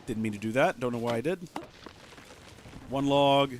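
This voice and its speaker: A man gives casual, rambling commentary while playing a video game on a livestream. His voice sits at an ordinary middle pitch. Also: normal speed, a little hiss or hum. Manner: chatty, rambling. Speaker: let's play streamer.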